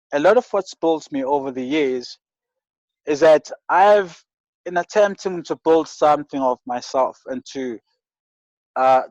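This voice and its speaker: A man from rural KwaZulu-Natal, South Africa, guests in an interview and tells reflective stories with earnest sincerity, often restarting and repeating words. His voice is a little high, with no room sound, and the recording is muffled.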